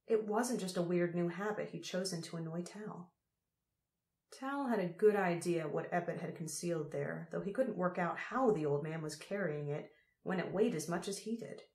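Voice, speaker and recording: A woman narrating an audiobook in a steady, measured way. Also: lowish voice. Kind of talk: scripted narration. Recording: roomy echo.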